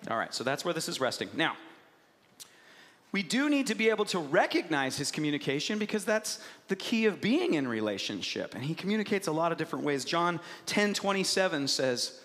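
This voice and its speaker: A man in his thirties delivers a lively sermon, his voice sitting fairly high. He swings from hushed, slow lines to loud, excited bursts and acts out little voices as he goes. A long reverb trails behind him, as in a large hall. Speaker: pastor.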